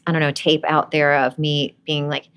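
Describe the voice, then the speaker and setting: A woman's voice: deep voice, flat delivery, normal speed, fairly bright tone, clean tone. A woman from Brooklyn, an actress guest on a podcast, talking easily and laughing often. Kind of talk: casual interview chat.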